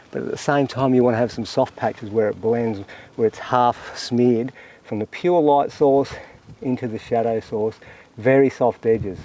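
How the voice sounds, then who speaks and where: An Australian man with a medium-pitched voice talks through a painting demonstration outdoors in windy open country, in a rough recording. Relaxed and reflective, he seems to be talking to himself as he paints.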